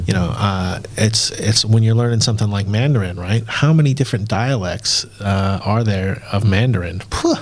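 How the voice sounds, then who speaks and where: A man's voice: lowish voice, moderate pace, few pauses. A man hosting a podcast in casual chat, rambling with many fillers and restarts. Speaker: podcast host.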